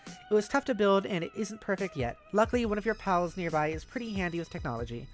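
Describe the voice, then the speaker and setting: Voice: mid-range voice, lively intonation, fast talker, soft background music. A streamer casually reading a webcomic aloud and rambling about it between lines. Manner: chatty, rambling, lots of "like". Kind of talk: casual read-along of a webcomic.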